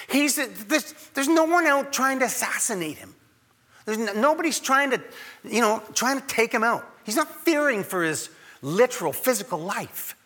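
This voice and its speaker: Man, pastor, conversational sermon, high voice, husky, long hall echo. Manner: conversational, animated, acts out quoted voices.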